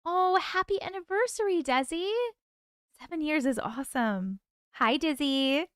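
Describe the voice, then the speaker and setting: A woman's voice: sits high, a little slow, no echo, clean studio sound. A woman hosting a casual livestream chat, greeting viewers by name, reading their comments aloud and laughing often. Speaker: livestream host.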